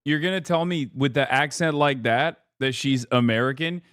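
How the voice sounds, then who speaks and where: A man's voice: medium pitch, moderate pace, a bit bright, clean tone, no echo, studio quality. A man streaming political reaction commentary, talking casually in a sarcastic, profane and mocking way.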